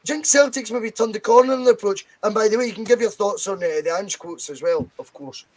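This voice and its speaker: High-voiced man hosting a podcast. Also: fast talker, poor audio. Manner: chatty, swears freely, reads quotes aloud. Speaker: podcast host. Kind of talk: casual football podcast chat.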